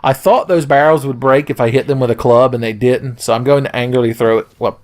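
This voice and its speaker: A man's voice: medium pitch, fairly even intonation, a little fast. A man hosting a let's play, giving profane, sarcastic, joking commentary. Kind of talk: gameplay commentary.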